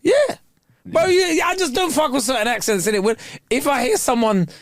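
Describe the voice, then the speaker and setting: A man's voice: very high voice, normal speed, dry recording, studio quality. A man co-hosting a podcast, bantering casually with slang and swearing and laughing often. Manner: animated, laughs a lot, swears freely, slangy. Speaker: podcast co-host.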